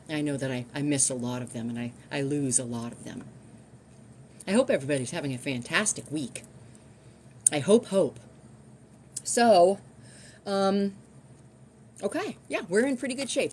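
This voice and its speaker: A woman's voice: sits low, slight background noise. A middle-aged woman chatting casually on a live stream from home, rambling and restarting her sentences.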